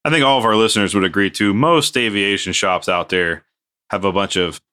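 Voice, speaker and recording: A man's voice: on the low side, a little fast, clean tone. A man co-hosting a casual podcast, telling a work story and acting out what people said. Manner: animated, acts out quoted dialogue. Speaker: podcast co-host.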